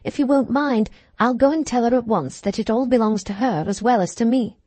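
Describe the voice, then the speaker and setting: A woman voicing an eager, earnest young gentleman in a storybook reading. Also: a little high, brisk, no echo, voice pushed up, lightly acted.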